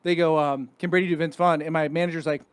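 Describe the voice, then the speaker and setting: Podcast host, man, 30s, high-pitched, jokey and swearing. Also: fairly even intonation, fast talker, clean tone, dry recording. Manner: joking, profane banter. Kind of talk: casual podcast interview.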